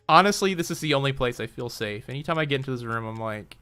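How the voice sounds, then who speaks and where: A man's voice: medium pitch, lively intonation, moderate pace, long pauses, pushed and bright, smooth, soft background music. A man chatting casually while gaming on a stream, talkative and laughing often.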